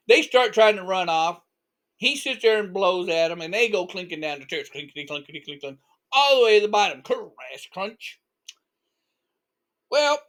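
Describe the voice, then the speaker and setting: A man tells a story in a folksy, rambling way, throwing in mild swearing and spoken sound effects. His voice is bright and fairly high, and it swings widely in pitch.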